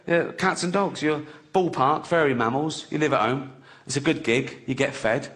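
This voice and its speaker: A man's voice: fairly high pitch, moderate pace, a bit bright, natural voice. A man playing a breezy God. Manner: breezy, offhand. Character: casual male God handing out animals.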